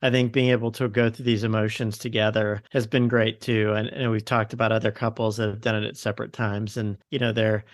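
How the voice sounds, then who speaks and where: A middle-aged man speaks calmly on a home podcast, recorded close and dry. He weighs his words and sounds thoughtful and reflective. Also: fairly low pitch, brisk, hardly any pauses, dry recording. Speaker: podcast co-host. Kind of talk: casual podcast conversation. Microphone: home podcast mic, separate room.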